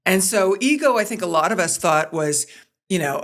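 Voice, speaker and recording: A woman's voice: mid-range voice, moderate pace. A middle-aged woman guest on a podcast, speaking conversationally and acting out the quotes in her stories. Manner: animated storyteller, acts out quotes. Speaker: guest, sports broadcaster and producer.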